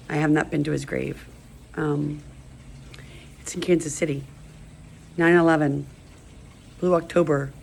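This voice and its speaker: A woman's voice: low voice, vocal fry, a little mellow, a little hiss or hum, rough recording. A middle-aged woman rambling emotionally in a personal video monologue. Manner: rambling, emotional, stream-of-consciousness. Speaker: vlogger.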